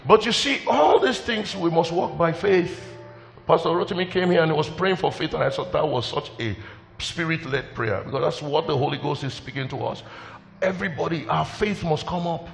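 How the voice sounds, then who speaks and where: A man's voice: fairly high pitch, moderate pace, creaky. A male pastor, preaching a sermon in an emotional, exclamatory way. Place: church hall. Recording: long hall reverb, faint music.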